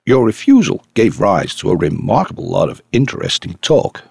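A man's voice: on the low side, big pitch swings, normal speed, gravelly, darkish tone, breathy edge, no echo, studio quality, heavily acted. A man reading the part of a brash, talkative male journalist in an audiobook, eager and insistent.

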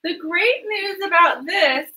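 Bright, high-voiced woman chatting while cooking. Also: slow, rough recording. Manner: chatty, rambling, enthusiastic about food. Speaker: cooking show host. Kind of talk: casual cooking chat. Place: home kitchen.

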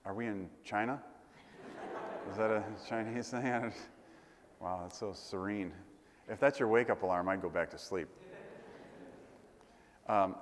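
A man preaching a sermon as pastor, conversational and digressive, with light asides and humor. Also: fairly low pitch. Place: church. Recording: echoey church hall with long reverb.

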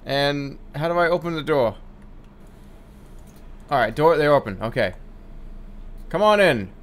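A man's voice: a little high, lively intonation, moderate pace. A man giving sarcastic, exasperated let's play commentary, swearing and laughing at a glitchy game. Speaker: gaming commentator.

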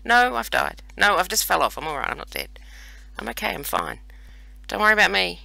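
An Australian gaming host of around forty runs a playful, self-deprecating commentary as he plays. He sits high with wildly swooping pitch, speaks a little fast with vocal fry and a sharp tone, and there's no echo.

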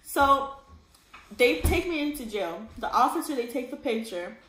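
A young woman with a high voice recounts a hard stretch of her life, her words wet with tears and broken by shaky laughs. She swears freely and talks in a loose, casual way. The room around her rings with a roomy echo. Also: sing-song, fairly quick. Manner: tearful, breaks into crying laughs, swears casually. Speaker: vlogger. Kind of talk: emotional personal storytelling. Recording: echoey room.

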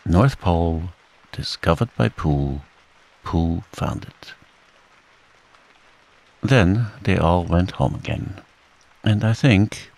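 A man reading a bedtime story aloud in a soft, soothing, unhurried way. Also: sits low, rough recording. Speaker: audiobook narrator.

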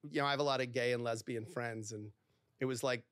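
A middle-aged man, a divorce lawyer and podcast guest, telling stories in a conversational interview. He talks in quick bursts with lots of fillers and acts out bits of dialogue. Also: medium pitch, steady tone, a bit bright, clear, resonant tone, no room sound, studio quality.

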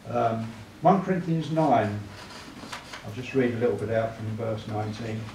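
A man's voice: lowish voice, moderate pace, a little mellow. A man giving a church evangelism talk, chatty, often asking the room tag questions. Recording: echoey room, mic far off, clear noise.

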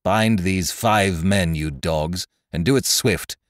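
A man's voice: deep voice, takes it slowly, no echo, clean studio sound. A man voicing a stern ship's captain who barks orders and cold rebukes. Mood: stern commanding. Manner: stern, commanding. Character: stern male ship captain, commanding.

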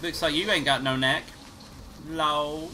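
A man's voice: medium pitch, lively intonation, normal speed, noisy background. A man hosting a let's play, casually commentating, swearing and joking to himself as he plays. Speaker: gaming channel host.

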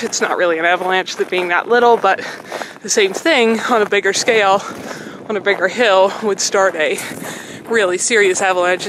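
A woman's voice: medium pitch, noisy background. A woman vlogging while walking her dog on a snowy trail outdoors. She is a little out of breath and keeps praising the dog. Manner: chatty, praises dog often. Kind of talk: casual vlog narration while walking a dog.

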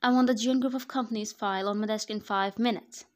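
A woman voicing a short-tempered middle-aged male office boss who yells and scolds in a fan fiction voice-over. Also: medium pitch, steady tone, a little fast, natural voice. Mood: yelling. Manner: yelling, scolding.

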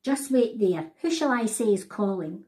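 A woman's voice: medium pitch, lively intonation, moderate pace, dark tone, natural voice. A woman reading a storybook voices a grumpy male cupcake soldier guard.

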